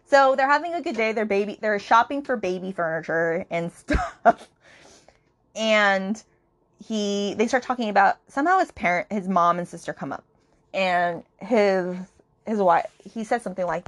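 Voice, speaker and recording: A woman's voice: mid-range voice, expressive, normal speed. A woman hosting a book podcast, chatting casually as she retells a romance novel's plot with lots of fillers and quoted lines. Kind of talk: casual book review chat.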